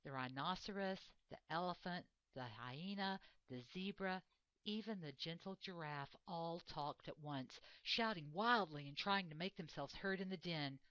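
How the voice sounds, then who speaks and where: A woman reading a picture book aloud, expressive and measured. Her voice sits on the lower side. The recording is dry and a little dull. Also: no room sound. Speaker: reader. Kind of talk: storybook reading.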